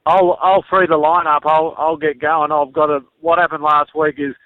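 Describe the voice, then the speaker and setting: A man's voice: fairly high pitch, level tone, moderate pace, no echo. A man with an Australian accent calling into a talk show, telling a joke with stammering restarts. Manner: stammering, jokey storytelling. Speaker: caller. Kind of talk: casual chat. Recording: tinny phone line.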